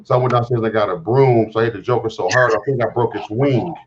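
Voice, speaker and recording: A middle-aged man hosting a live morning show, telling a story with animated exclaims and laughs. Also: mid-range voice, fast. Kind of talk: casual live-stream chat. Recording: muffled online call audio.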